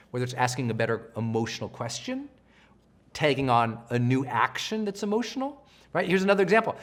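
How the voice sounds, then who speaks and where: A middle-aged man giving a live coaching session, energetic and animated, often acting out the voices of people he quotes. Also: on the high side. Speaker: self-help trainer.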